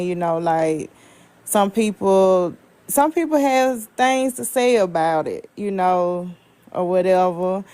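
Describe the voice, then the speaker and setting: A woman in casual podcast chat, asking a question hesitantly with many pauses. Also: mid-range voice, warm tone, clean tone.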